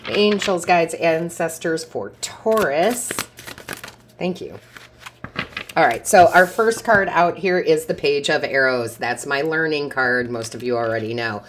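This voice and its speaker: Woman doing a tarot reading, really low voice, rambly and chatty, laughs a lot. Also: background noise. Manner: chatty storyteller, laughs often. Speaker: tarot reader. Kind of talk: casual tarot reading monologue.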